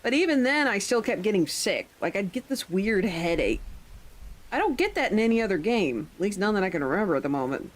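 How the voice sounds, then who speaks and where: A woman's voice: medium pitch, very animated, a little fast, low-quality recording. A woman streaming live, chatting casually in a rambling way, with occasional swearing.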